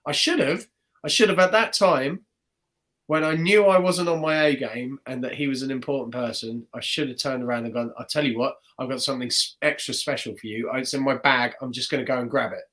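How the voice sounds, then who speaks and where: A man's voice: medium pitch, a little fast. A man, a guest magician telling a story in casual podcast chat, acting out the voices of the people in it. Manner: animated, acts out the voices of people in his stories.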